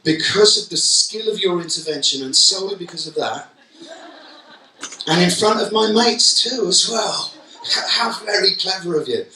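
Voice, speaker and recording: A man's voice: sits high, bright, forceful tone, slight background noise, voice pushed up. A man playing a sarcastic teenage schoolboy who fakes a polite apology. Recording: echoey hall, mic from far off.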